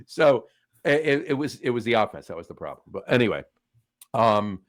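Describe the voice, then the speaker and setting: A man's voice: medium pitch, big pitch swings, moderate pace. A man co-hosting a sports podcast in casual chat, rambling and correcting himself as he talks. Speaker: podcast co-host.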